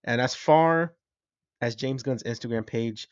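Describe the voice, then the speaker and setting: A man's voice: medium pitch, measured pace, clear, resonant tone, dry recording, dull audio. A man giving casual, enthusiastic reaction commentary as a vlogger, rambling and swearing freely. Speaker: comics and film reaction vlogger.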